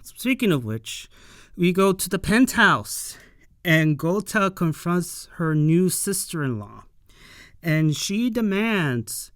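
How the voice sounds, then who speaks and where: An unhurried reviewer recaps a show episode in a loose, filler-laden chat, with a clean, resonant voice recorded dry and close. The delivery is blunt and opinionated. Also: medium pitch, lively intonation, no echo. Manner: rambling, filler-heavy, opinionated. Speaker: anime and tokusatsu episode reviewer. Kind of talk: casual episode recap and commentary.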